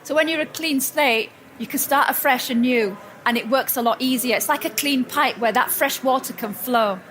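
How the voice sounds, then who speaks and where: Female motivational speaker, high register, chatty, keeps restarting her sentences. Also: moderate pace, slight background noise. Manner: warm storytelling, frequent restarts and self-corrections. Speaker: speaker at a personal growth expo. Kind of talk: motivational talk to a live audience. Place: event hall with audience.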